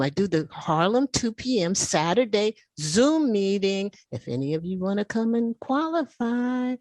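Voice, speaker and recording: A woman in her seventies sharing her personal recovery story at a meeting, telling it in an animated, emotional way. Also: mid-range voice, dry recording. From United States. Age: 70s. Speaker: meeting speaker. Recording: video call audio.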